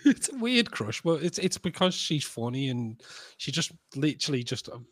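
A man's voice: medium pitch, sing-song, normal speed, fairly bright tone, dry recording. A man co-hosting a podcast, chatting casually in a blunt, sweary way and laughing easily. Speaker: podcast co-host. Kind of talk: casual chat.

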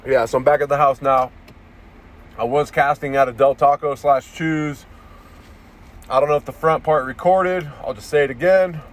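Profane, rambling man ranting, slightly high voice. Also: fairly even intonation, normal speed. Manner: profane, rambling, restarts often. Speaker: vlogger. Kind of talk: casual ranting monologue.

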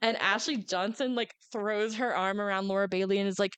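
A young woman in her twenties chats away as a podcast co-host, laughing through her stories. Her voice is smooth and clear. The sound is dry and close. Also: mid-range voice, fairly quick, no room sound. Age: 20s. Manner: giggly, animated storytelling. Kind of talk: casual chat.

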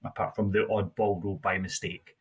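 A man's voice: sits low, little pitch movement, moderate pace, a little hiss or hum. A man co-hosting a casual gaming podcast, rambling through player stats with frequent restarts. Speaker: podcast co-host.

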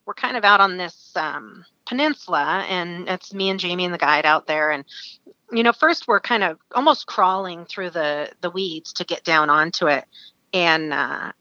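A woman from Alaska, a guest, telling a story in a casual, animated way with many fillers and frequent laughter. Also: on the low side, normal speed, dry recording, dull audio.

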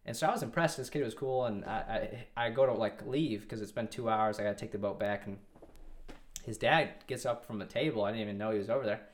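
A man's voice: lowish voice, fast talker. A man in his twenties telling a long story in a casual interview, rambling and restarting often. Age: 20s. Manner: rambling, with many restarts and quoted dialogue. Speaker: guest.

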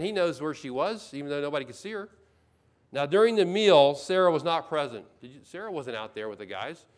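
A male pastor preaching a sermon in a church, conversational and full of questions, often restarting sentences. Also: fairly high pitch.

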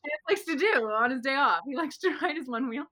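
A woman co-hosting a relaxed chat, her voice pitched fairly high and very bright. She teases her co-host playfully and keeps jokes coming. The conversation feels easy and unscripted. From San Francisco area. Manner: playful, teasing, quick with jokes. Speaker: podcast co-host. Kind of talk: casual chat.

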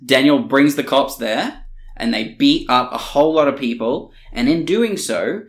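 A man's voice: mid-range voice, moderate pace. A man co-hosting a film podcast, chatting casually with a blunt, joking way of summing things up. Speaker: podcast co-host. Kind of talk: casual film-review chat.

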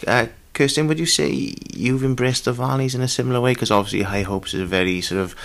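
A man's voice: medium pitch, steady tone, creaky. A man hosting a chat and asking his guests about their work in a friendly way. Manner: quick, chatty, encouraging interviewer. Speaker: host. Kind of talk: casual chat.

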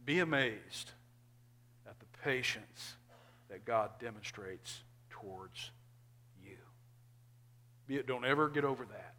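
A male pastor, preaching a sermon earnestly and emphatically, now and then dropping to quiet asides. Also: medium pitch, takes it slowly, pauses often.

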